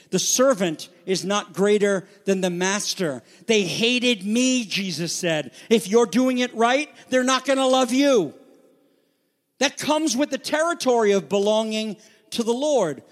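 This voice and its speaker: A man delivering a sermon, urgent and emphatic, asking rhetorical questions and swinging between loud declarations and quiet asides. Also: very high voice. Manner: asks rhetorical questions and repeats phrases. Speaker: preacher.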